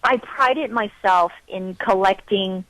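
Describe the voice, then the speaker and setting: A woman co-hosting a casual podcast, excitable and gushing, rushing through her quoted asides. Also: mid-range voice, no echo, low-quality recording. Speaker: podcast co-host.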